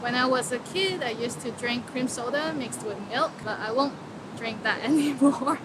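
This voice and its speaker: A woman hosting a casual vocabulary lesson in a chatty, upbeat way. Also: moderate pace. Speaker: language lesson host. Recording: loud vehicle rumble behind.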